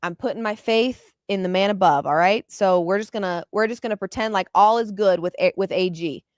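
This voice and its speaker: A woman hosting a postgame basketball show, pouring emotion into her takes and doubling up words when excited. Her voice sits in a middle register, recorded dry and close. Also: medium pitch, fairly quick, dry recording. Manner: passionate, openly emotional. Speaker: podcast host.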